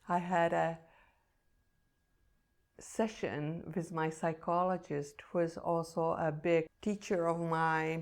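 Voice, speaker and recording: A woman speaking in a slightly low voice, unhurried and deliberate. She is a meditation teacher telling a personal story, earnest, emotional and reflective throughout. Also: creaky.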